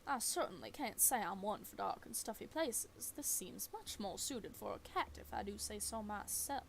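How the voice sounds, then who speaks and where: A woman's voice: medium pitch, lively intonation, moderate pace, creaky, a little hiss or hum. A woman voicing a prim talking pet creature with a prissy, formal way of speaking.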